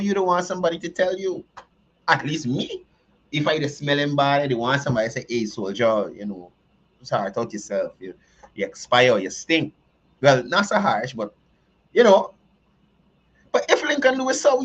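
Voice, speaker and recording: A man's voice: high voice, fairly bright tone. A man hosting a show, giving emphatic, joking commentary that repeats its points. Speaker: show host. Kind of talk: casual commentary. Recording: dull lo-fi sound.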